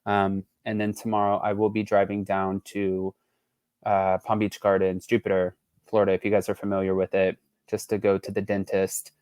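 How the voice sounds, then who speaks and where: A man hosting a casual celebrity gossip channel, reading out quotes with lively emphasis and chatting to his viewers off camera. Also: lowish voice, moderate pace, clean tone, no echo, clean studio sound. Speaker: host. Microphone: not on camera, voice-over.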